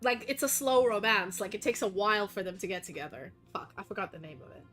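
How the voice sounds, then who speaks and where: A woman's voice: mid-range voice, expressive, fast talker, a bit bright, soft background music. A woman streamer with a Russian accent, a native Russian speaker, chatting casually while she plays, rambling and swearing freely. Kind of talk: casual chat while gaming.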